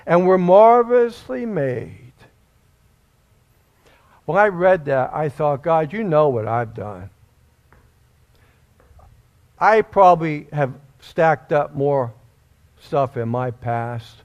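A man preaching a sermon in a church, giving an emotional testimony that rises suddenly into loud, high bursts. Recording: dull lo-fi recording.

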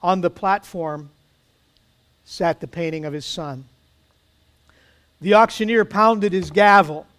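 A man preaching a sermon, telling a story with dramatic pauses and soft emphasis. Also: high voice, smooth.

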